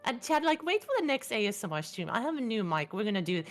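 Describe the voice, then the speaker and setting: A playful woman streamer answers interview questions with a lively, swooping voice, her tone jumping from low to high as she jokes. Light music plays faintly under the conversation. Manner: playful, animated, quick with jokes. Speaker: vtuber guest. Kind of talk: casual interview chat.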